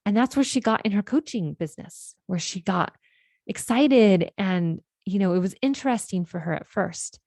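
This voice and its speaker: Woman, life coach, podcast monologue, earnest, conversational, mellow voice. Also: medium pitch, lively intonation, moderate pace, dry recording, studio quality. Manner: earnest, explanatory, often adds "right?" tags.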